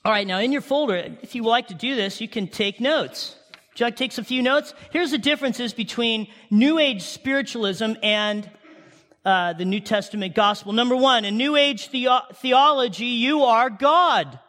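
A man preaching a sermon, animated, with rhetorical questions, sudden shouts and hushed asides. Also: very high-pitched, normal speed. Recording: long hall reverb.

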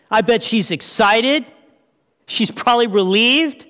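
A man preaching a lively sermon, asking his listeners questions and acting out the story as he goes. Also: extremely high pitch, a little slow. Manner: lively, asks the audience questions, acts out scenes. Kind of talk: animated sermon. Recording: long reverb of a large hall.

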